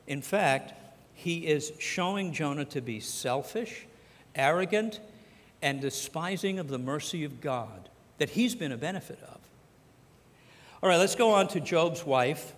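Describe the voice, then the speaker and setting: A man's voice: a little high, expressive, measured pace. A man preaching a sermon as pastor, talking conversationally and acting out the scripture dialogue. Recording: long hall reverb.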